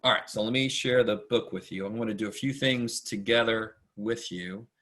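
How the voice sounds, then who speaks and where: A man with a fairly low voice gives a casual online math lecture. He rambles and chats with his students, often talks quickly, and pokes fun at himself. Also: a bit bright. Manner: chatty, rambling and self-deprecating; talks fast much of the time. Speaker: math instructor.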